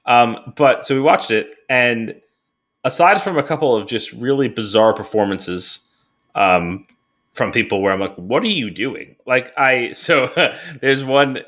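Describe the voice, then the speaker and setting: Animated man chatting on a podcast. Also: mid-range voice. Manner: animated, laughing, mimics his own reactions. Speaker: podcast co-host. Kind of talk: casual chat.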